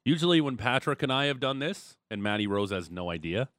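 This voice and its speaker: A man's voice: mid-range voice, big pitch swings, a little fast, fairly bright tone, dry recording. A man hosting a sports radio show, bantering casually and reading listener texts. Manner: joking, reads texts and ad reads. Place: radio studio.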